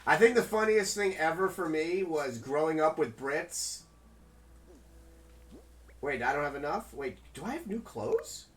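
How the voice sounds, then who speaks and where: A man's voice: a little high, big pitch swings, a little slow, long pauses, a bit bright. A man live-streaming a game, rambling casually to his chat in a loose, chatty way.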